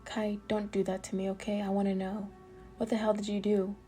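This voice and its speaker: A woman's voice: mid-range voice, monotone, a little fast, mellow, faint music behind, natural voice. A woman voicing a sassy, teasing teenage girl in a storybook reading. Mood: pleading.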